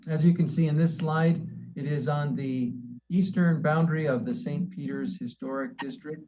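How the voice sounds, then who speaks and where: A man on city staff, explaining procedures and presenting to a board in a virtual public meeting, polite and halting with frequent restarts. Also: on the high side, fairly even intonation, mellow, poor audio.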